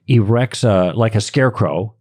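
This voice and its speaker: A man's voice: lowish voice, normal speed, a little mellow, slightly rough, no room sound, clean studio sound. A man, a guest on a podcast, explaining his points in an emphatic, lecturing way with stressed key words. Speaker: podcast guest, Christian apologist. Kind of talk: conversational explaining.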